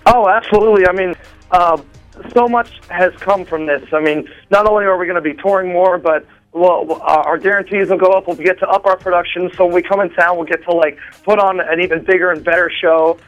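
Brief: high-pitched rambling male guest on a phone call, faint music behind. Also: steady tone, a little fast. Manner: rambling, with many fillers and restarts. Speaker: drummer interviewed as a guest. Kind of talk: excited phone interview chat. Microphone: phone line.

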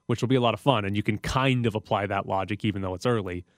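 A man's voice: on the low side, fast, no room sound. Man, sports radio host, casual chatty analysis, dry close studio mic. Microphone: studio microphone.

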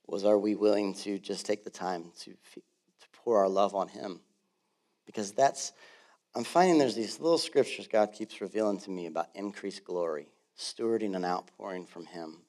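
A man in his thirties, a pastor delivering a sermon in a church, moving from quiet storytelling to loud, fervent preaching. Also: low voice. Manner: builds from soft storytelling to loud passionate preaching. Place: church sanctuary.

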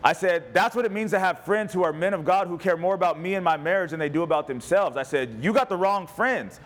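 A pastor preaching a conversational sermon with emphatic, humorous delivery. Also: male voice, high voice, fast.

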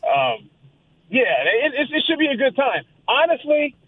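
Over a tinny phone line with no room sound, a man calls in as a guest, an amateur boxer. His voice is very high-pitched with big pitch swings at a moderate pace, and he chats casually, telling long, rambling stories.

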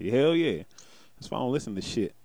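A man's voice: mid-range voice, big pitch swings, fairly quick, a little mellow, no room sound. Laid-back, profane male co-host. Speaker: podcast co-host. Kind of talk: casual chat.

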